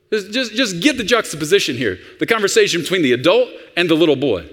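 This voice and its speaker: A man preaching a sermon as pastor, animated and acting out dialogues. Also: sits high, quick pace, hardly any pauses, breathy edge, big-room sound.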